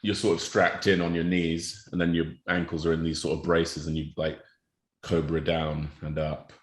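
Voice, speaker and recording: A man's voice: rumbling low, little pitch movement, normal speed, reverberant. A young man who plays prop, chatting casually in a rambling, jokey way with lots of fillers. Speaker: podcast co-host, rugby prop. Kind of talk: casual chat.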